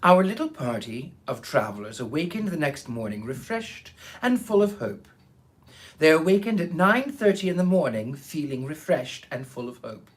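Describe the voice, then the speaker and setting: A man's voice: a little high, very animated, moderate pace. A man hosting a live online reading show, chatting theatrically with viewers and greeting them by name before reading a book aloud. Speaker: host of a live storytelling stream. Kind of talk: casual chat and reading aloud.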